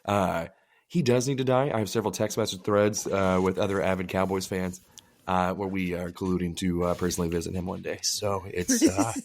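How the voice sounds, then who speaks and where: A man co-hosting a casual podcast, telling crude, animated stories and acting out the people in them. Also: low voice, fairly quick, a little hiss or hum. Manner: animated storytelling with acted-out quotes; crude joking. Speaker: podcast co-host. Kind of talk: casual chat.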